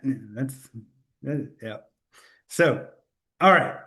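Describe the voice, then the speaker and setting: A man's voice: a little high, expressive, unhurried. Upbeat man hosting a live webinar. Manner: upbeat, self-correcting, laughs at own slip-ups. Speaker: webinar host.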